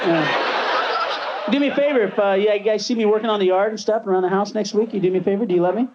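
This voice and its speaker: High-voiced man doing ranting stand-up. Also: fast. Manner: breaks into screaming rants. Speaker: stand-up comedian. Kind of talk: stand-up routine. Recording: dull lo-fi 1980s TV tape with loud crowd and hiss. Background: audience laughter.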